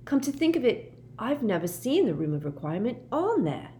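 A woman's voice: on the high side, a little hiss or hum, pitched above the performer's own voice. Woman reading as an eager teenage boy wizard. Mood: excited. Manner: quick, excited reasoning. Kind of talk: audiobook character voice.

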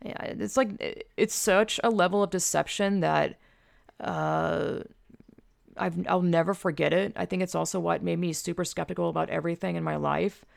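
A woman with a low voice and a gravelly, vocal-fry edge talks on her own in a loose, rambling way. She fills her sentences with fillers and swears freely, like an offhand chat. The sound is close and dry, with no room echo. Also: fairly even intonation, moderate pace. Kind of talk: casual storytelling monologue.

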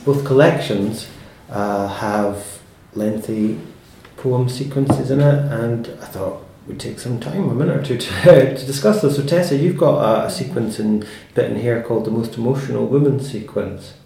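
A man with a gravelly, mellow voice asks interview questions in a measured, slightly hesitant way. He sits away from the mic in a very echoey room. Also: mid-range voice. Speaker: podcast host. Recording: roomy echo, distant from the mic.

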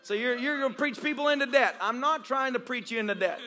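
A male pastor preaching a charismatic sermon at a live church service, shouting and joking with the congregation. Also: very high-pitched, fast talker. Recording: live church recording with crowd and noise.

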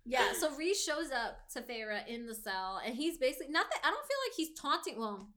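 A woman with a bright, higher voice chats loosely about a book she has been reading. She talks in slang and swears freely. She slips into quoted lines of dialogue as she goes. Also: big pitch swings, a little fast. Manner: slangy, profane, acts out character quotes. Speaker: book discussion co-host. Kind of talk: casual chat recapping a book.

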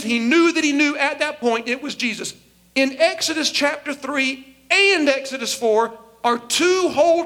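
A man preaching a sermon, animated and joking as he acts out Bible characters in comic voices. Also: extremely high pitch. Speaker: pastor.

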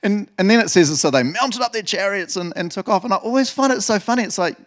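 Animated man preaching. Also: high voice, quick pace. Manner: animated, laughs often, acts out voices of biblical figures. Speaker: pastor. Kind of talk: sermon.

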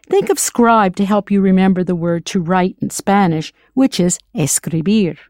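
Woman, language teacher, scripted lesson, patient, spells out words, animated pitch, dry sound. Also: no echo.

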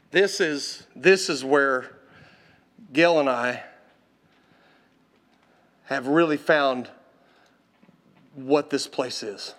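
Male preacher, sermon, fairly high-pitched, exhorting, urges "come on", loud then hushed. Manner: swings from loud intensity to hushed tones.

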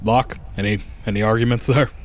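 A man's voice: mid-range voice, steady tone, brisk. A man playing a tabletop game, talking in an easygoing, casual way. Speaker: player.

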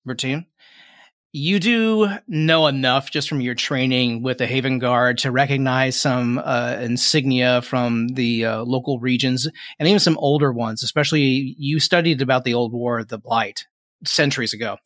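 A man's voice: medium pitch, normal speed, fairly bright tone, no echo, studio quality. A man narrating a tabletop game as game master, describing scenes in a rambling way with many fillers.

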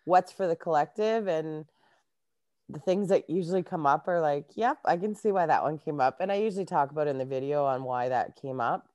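A Canadian woman talks casually as a guest, chatty and quick to laugh. Her voice sits low, and the recording is dry and close with no room sound. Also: darkish tone, clean tone, dry recording. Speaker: guest, life coach. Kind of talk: casual interview chat.

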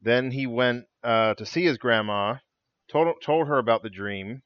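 Guy on a podcast, smooth resonant voice, kinda dull lo-fi sound. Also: medium pitch, a little slow, no room sound. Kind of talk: casual chat.

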